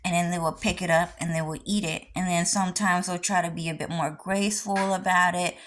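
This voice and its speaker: A woman's voice: fairly low pitch, steady tone, fairly quick, a bit bright, rough recording. A young adult woman rambling through a personal vlog monologue, lecturing insistently and repeating herself again and again. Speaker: vlogger.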